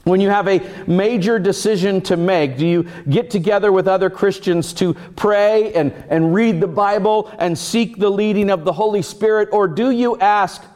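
A man's voice: high voice, a little mellow. A male pastor delivering a sermon, telling stories and putting on voices for the characters in them. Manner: storytelling with acted voices and dramatic pauses.

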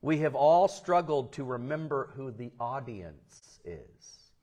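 A male pastor preaching a sermon, telling stories and acting out the people in them with big swings in loudness. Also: mid-range voice, expressive, slow. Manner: storytelling, acts out quoted voices with big swings in loudness.

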